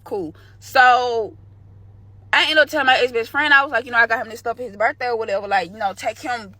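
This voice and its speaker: A woman's voice: fairly high pitch, fairly quick, sharp tone, dry recording. Slangy young woman telling a story. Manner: candid, slangy, laughing storyteller. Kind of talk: storytime vlog.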